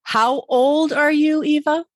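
A woman's voice: sits high, fairly even intonation, takes it slowly. A woman hosting a teaching podcast, encouraging and enthusiastic as she talks with a guest and reads her outro. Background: faint background music in outro.

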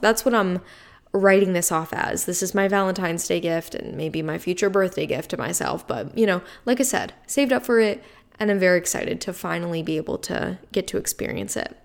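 A woman hosting a solo podcast in casual chat, excitable and chatty with lots of fillers. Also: on the low side, brisk, vocal fry. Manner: chatty and excitable, many fillers like "like" and "you know". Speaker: podcast host.

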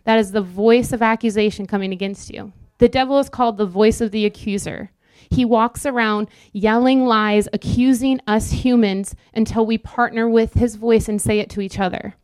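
A young woman preaches in an earnest, conversational style, breaking into quick asides. Her voice is smooth and resonant. The sound is dry, with no room echo. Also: on the high side, fairly even intonation, darkish tone. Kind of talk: sermon.

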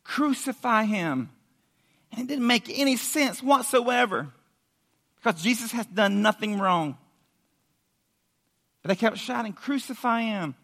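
Man, youth pastor, sermon, casual lively storytelling, high voice, bright tone. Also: a little slow, gravelly, long pauses.

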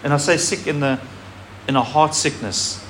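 A man's voice: fairly high pitch, moderate pace. Male preacher, slightly raised voice, emphatic scripture reading, faint hiss behind. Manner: animated preaching, reads scripture aloud with emphasis. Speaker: pastor. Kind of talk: sermon.

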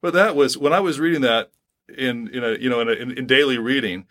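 A man co-hosting a podcast, chatting casually about Bible reading, animated and prone to tangents, acting out quotes with a laugh. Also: mid-range voice, fast talker. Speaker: podcast co-host.

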